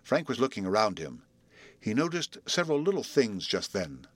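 A man narrating a storybook reading in an expressive, measured way. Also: fairly low pitch, no room sound.

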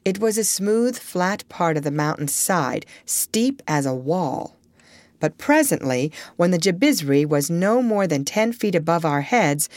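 A woman reading a children's storybook aloud as narrator, expressive and lively in her storytelling. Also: medium pitch, no room sound. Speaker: audiobook reader.

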